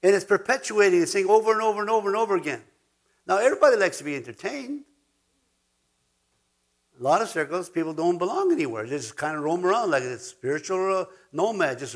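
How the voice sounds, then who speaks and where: A man's voice: high-pitched, lively intonation, fast. A man preaching a sermon as pastor, emphatic, repeating words for stress and now and then chuckling.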